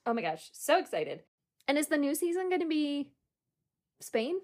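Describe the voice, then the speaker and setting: A young woman with a slightly high voice chats on a casual podcast as its co-host. She is bubbly and rambling, with lots of fillers and frequent giggles. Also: sing-song, normal speed, a little mellow. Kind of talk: casual chat.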